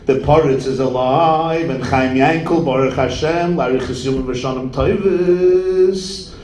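A man telling a folk tale in an animated, theatrical way, with Yiddish and Hebrew words mixed in. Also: medium pitch, a little slow, reverberant, distant mic, a little hiss or hum, poor audio. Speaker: storyteller.

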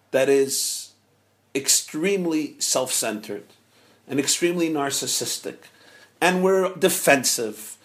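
A man giving a storytelling sermon as a Torah teacher, acting out the characters' lines with rising shouts. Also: a little high. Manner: animated, acts out quotes with rising shouts.

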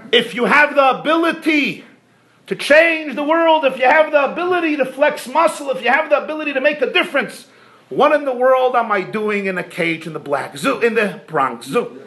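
A man preaching a sermon to a room as a rabbi, animated and rhetorical, swinging from soft asides to loud, emphatic peaks. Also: extremely high pitch, moderate pace, slight background noise.

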